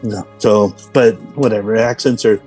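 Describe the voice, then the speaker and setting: A man's voice: lowish voice, steady tone, normal speed, mellow, soft background music, rough recording. A man from Los Angeles, a character actor, telling rambling anecdotes with many fillers as a podcast guest. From Los Angeles, USA. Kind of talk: casual podcast interview.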